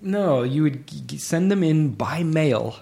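A man's voice: a little high, lively intonation, measured pace, creaky, dark tone. A man co-hosting a comedy podcast, telling stories in casual chat and laughing often. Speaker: podcast co-host.

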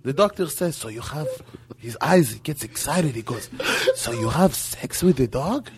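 A man's voice: medium pitch, expressive, moderate pace, a crowd in the background. Man telling a joke in broken English. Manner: broken English, laughs at his own joke, loud doctor voice. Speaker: comedian guest.

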